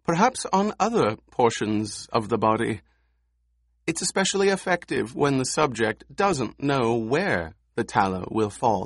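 A man's voice: medium pitch, no echo, clean studio sound, full character voice. A man doing a gloating, silky torturer. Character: sly cruel male torturer, silky and eager.

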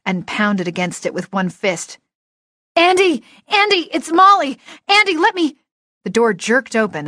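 A woman narrating a first-person novel in a lively, expressive storytelling voice. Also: fairly low pitch, no room sound, clean studio sound. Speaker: audiobook narrator.

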